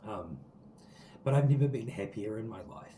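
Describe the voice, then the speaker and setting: A low, mellow-voiced man rambles earnestly through a spiritual tarot reading, his speech scattered with likes and ums. He sits outdoors, and the recording sounds roomy and echoey with faint ambient sound behind him. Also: expressive, moderate pace, a little hiss or hum. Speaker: tarot card reader. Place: sitting outdoors.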